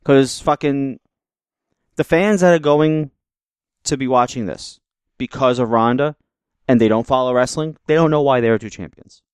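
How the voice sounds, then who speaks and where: A man's voice: medium pitch, moderate pace, long pauses, clean tone, dry recording, clean studio sound. A man co-hosting a wrestling podcast, ranting sarcastically in casual chat and swearing freely. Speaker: podcast co-host.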